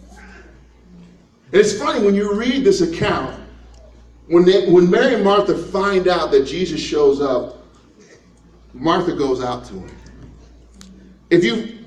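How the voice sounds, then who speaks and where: A male pastor preaching a sermon in a humorous, conversational storytelling way, laughing as he goes. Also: a little high. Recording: echoey room, mic at a distance.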